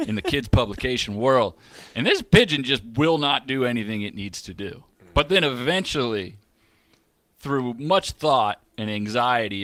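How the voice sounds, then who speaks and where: A man's voice: mid-range voice, fairly bright tone, dry recording. A man co-hosting a sports show, chatting casually in a playful, joking way and laughing often. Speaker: co-host.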